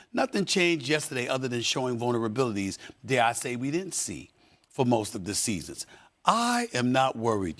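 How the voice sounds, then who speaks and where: A man's voice: medium pitch, a bit bright. A man hosting a sports debate show, talking emphatically and repeating phrases for effect.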